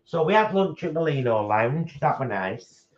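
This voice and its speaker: A man's voice: fairly high pitch, sing-song, moderate pace, dull audio. A man, co-hosting a casual live stream from home and rambling chattily through his day. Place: home, at a table.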